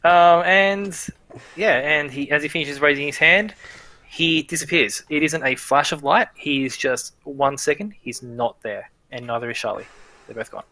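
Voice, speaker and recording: Man, game master, tabletop narration, bright tone, casual fillers. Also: fairly high pitch, normal speed.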